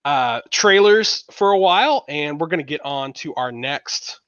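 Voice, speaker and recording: A man's voice: fairly high pitch, lively intonation, unhurried, a bit bright, clear, resonant tone, no room sound, muffled recording. A man co-hosting a podcast in casual chat, rambling with fillers and restarts. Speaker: podcast co-host.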